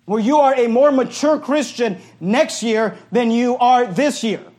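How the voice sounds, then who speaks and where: A male pastor preaching a sermon in an animated, joking way, at times shouting. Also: very high-pitched, a little slow.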